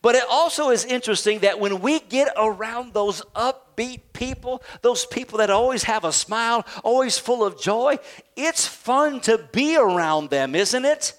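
A male pastor preaching a sermon with a call-and-response style, sometimes building to shouts. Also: very high voice, lively intonation, normal speed.

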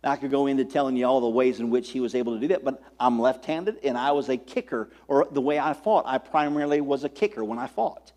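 A man's voice: mid-range voice, quick pace, few pauses, a little mellow. A middle-aged man preaching a sermon as pastor, building to emphatic call-outs and asking the congregation for an amen.

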